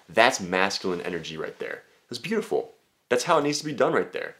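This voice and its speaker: A young man talking casually as a dating coach, brash and full of swearing, often slipping into high mocking voices. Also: expressive, fast talker, fairly bright tone. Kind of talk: casual talking-head monologue.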